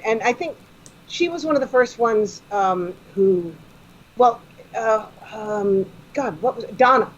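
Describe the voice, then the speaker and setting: Woman guest on a podcast, keen and chatty, sound a bit muffled with light noise behind. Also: medium pitch. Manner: enthusiastic, quick to explain fan trivia. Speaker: guest comedian. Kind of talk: casual podcast chat. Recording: dull lo-fi sound with faint noise.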